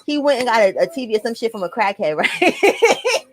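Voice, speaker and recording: A woman's voice: on the high side, sing-song, moderate pace, rough recording. Blunt profane New York woman vlogger. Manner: blunt, profane, addresses viewers directly. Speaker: vlogger telling a personal story. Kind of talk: casual storytime to camera.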